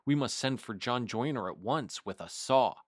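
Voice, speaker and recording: A man reading aloud and voicing a brisk, stern cat cousin with a firm, no-nonsense manner. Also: medium pitch, lively intonation, no echo, clean studio sound, lightly acted.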